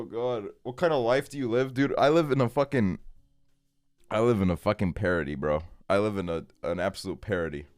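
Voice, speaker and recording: A man's voice: fairly low pitch, brisk, a little mellow, dry recording, faint music behind. A man in his twenties chatting casually on a stream, ranting with plenty of swearing and frequent laughter. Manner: profane, ranting, laughs often.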